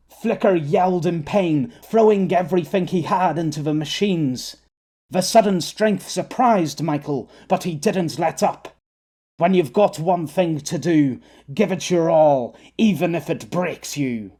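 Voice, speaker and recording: A man narrating an audiobook in a measured storytelling manner. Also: on the high side, mellow. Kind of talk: scripted narration.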